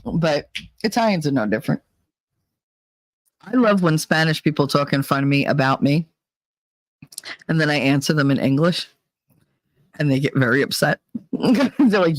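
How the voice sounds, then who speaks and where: A man's voice: fairly high pitch, lively intonation, moderate pace, pauses often, no room sound, low-quality recording. A middle-aged man from New Jersey with a New Jersey accent, hosting a live stream in rambling, profane casual chat, laughing often. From New Jersey, USA.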